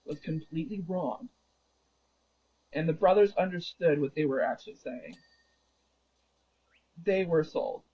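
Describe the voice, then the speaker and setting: A man's voice: a little high, breathy edge. A man streaming a game and casually retelling a story, rambling and often correcting himself mid-sentence. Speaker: gaming livestreamer. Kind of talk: casual storytelling while gaming. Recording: dull lo-fi recording.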